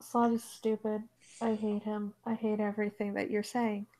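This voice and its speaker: A woman's voice: medium pitch, little pitch movement, normal speed, warm tone, low-quality recording. A woman sits in on a friend's casual chat and complains in a sarcastic, theatrical way. Her protests sound mock-dramatic rather than angry. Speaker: guest friend.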